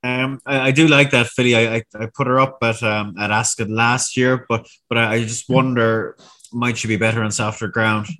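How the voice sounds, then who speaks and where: Bright-voiced stammering man pundit. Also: medium pitch, fairly even intonation, moderate pace. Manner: stammering, repeats words. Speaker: racing pundit. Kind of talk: casual podcast chat.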